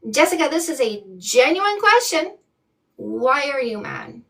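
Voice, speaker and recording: A woman's voice: high voice, sing-song, measured pace, vocal fry, fairly bright tone, recorded from a distance. A woman from Canada hosting a live stream as a dating coach, reading viewer comments with blunt, sassy emphasis. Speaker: dating coach and livestream host.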